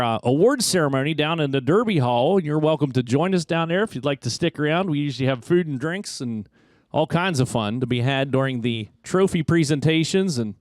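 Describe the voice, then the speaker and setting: A man announcing a snowmobile race, doing fast, excited play-by-play full of track jargon. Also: medium pitch, dry recording. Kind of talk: play-by-play commentary.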